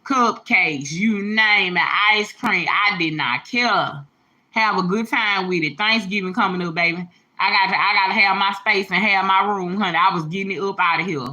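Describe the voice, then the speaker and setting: Mid-range and sharp-toned at a moderate pace, a mother talks straight to the viewers of her livestream. She's casual, slangy and emphatic, speaking from the heart with a hint of tears.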